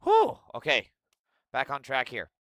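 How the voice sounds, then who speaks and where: A profane, sarcastic man rants on his livestream into a close mic. His voice is bright and clear, with a wildly swinging pitch. The sound is dry, with no room around it. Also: huge pitch swings, a little slow, no echo. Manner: profane, sarcastic, yelling outbursts. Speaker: livestream host. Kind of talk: ranting livestream commentary.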